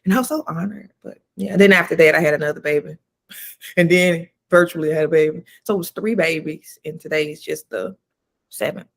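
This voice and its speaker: Gravelly-voiced woman telling stories casually. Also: deep voice, fairly even intonation, a little fast. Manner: storytelling, spiritual, slangy. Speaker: doula and podcast co-host. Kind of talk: casual chat.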